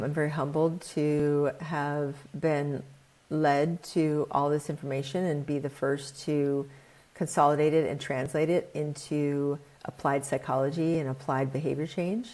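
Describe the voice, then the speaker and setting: Low-voiced woman explaining quickly. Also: steady tone, a little mellow. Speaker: guest expert, author. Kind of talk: podcast interview.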